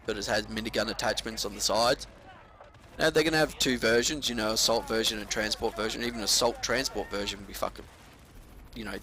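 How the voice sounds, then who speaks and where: A man's voice: lowish voice, pushed and bright, slight background noise. A young man casually commentating over his gameplay at home, laid-back with frequent swearing and ranty asides.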